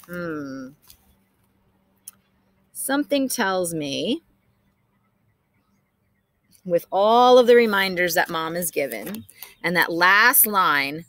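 A woman's voice: on the low side, expressive, takes it slowly, pauses often, fairly bright tone. A woman reading a children's book aloud outdoors, adding chatty asides with small laughs. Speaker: storybook reader. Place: outdoors in bright sun.

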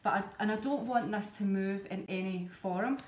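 A woman's voice: medium pitch, moderate pace, a little mellow. Scottish woman, chatty step-by-step tutorial, echoey room, faint background hum. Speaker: cake decorator demonstrating. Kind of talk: live tutorial demonstration.

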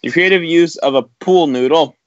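Guy rambling playfully during a card game, slightly high voice, dry dull audio. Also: moderate pace, dry recording. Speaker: player. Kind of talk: casual gaming banter.

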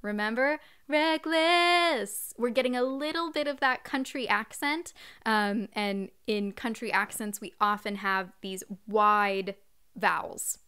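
A woman's voice: medium pitch, fairly even intonation, measured pace, sharp tone, clean tone, soft background music. A young adult woman vocal coach, chatting through a live-streamed singing lesson and singing short phrases to demonstrate.

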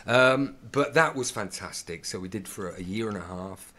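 A man's voice: sits low, moderate pace, hardly any pauses, a little hiss or hum. A male actor telling stories in a casual interview, acting out the dialogue as he goes. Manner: animated storyteller acting out dialogue. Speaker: actor, podcast guest.

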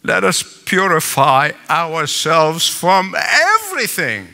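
A man's voice: on the high side, bright, forceful tone. An older man preaching a sermon as pastor, emphatic with repeated phrases and asides. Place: large church sanctuary. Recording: long hall reverb.

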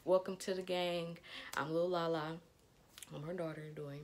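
A woman's voice: on the low side, steady tone, moderate pace, darkish tone. A young woman talking casually to her viewers as a vlogger, chatty and upbeat, with a slight lisp and frequent fillers. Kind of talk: casual chat to camera.

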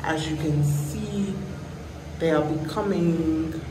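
A prim, theatrical lady, put on by a woman vlogger, tours an apartment in stiff, formal phrases with a French flourish. She speaks slowly in a lowish voice. A steady hiss of background noise runs under her. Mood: haughty. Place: rented apartment indoors.

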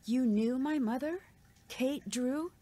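A woman's voice: sits high, slow, warm tone. An actress voicing a curious young female detective who asks polite, earnest questions in a mystery game.

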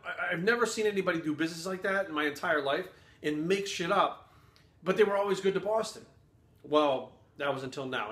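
A man's voice: fairly high pitch, fairly bright tone, roomy sound. A man ranting as a fitness vlogger, telling a heated story with constant swearing and blunt complaints.

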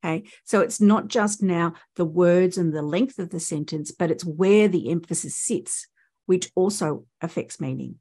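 A woman's voice: fairly low pitch, normal speed, dark tone, slightly rough. A woman with an Australian accent, a speech pathologist giving a conference presentation and explaining points with rhetorical questions to the audience.

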